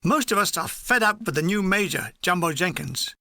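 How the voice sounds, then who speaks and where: A man reading his own war memoir aloud in a dry, wry, deadpan manner. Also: high-pitched, normal speed, no echo. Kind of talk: audiobook reading.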